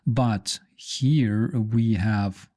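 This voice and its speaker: A man's voice: fairly low pitch, steady tone, drawn-out words, dark tone. A man hosting a live stream, rambling casually with many fillers and restarts.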